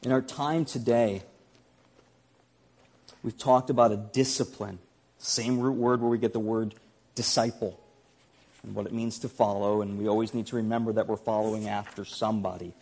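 A man's voice: on the low side, steady tone, moderate pace, pauses often, a little mellow. A pastor giving a sermon, earnest and emphatic, often repeating his key phrases.

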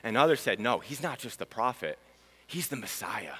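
A man preaches a sermon with a bright, forceful voice. His pitch moves a lot, and he swings from ringing proclamation to quiet, solemn lines. The sound carries a long hall reverb. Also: very animated, moderate pace, slightly rough. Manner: dramatic, swings from loud proclamation to hushed. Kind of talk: sermon teaching.

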